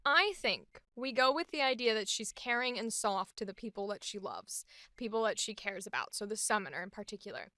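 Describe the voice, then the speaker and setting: A woman's voice: mid-range voice, expressive, brisk, pushed and bright, dry recording, studio quality. A woman voice actor hosting a show, talking through her choices in a chatty, enthusiastic way as she demonstrates character voices. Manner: chatty and enthusiastic, thinking aloud. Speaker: voice actor and host. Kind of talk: voice acting demonstration.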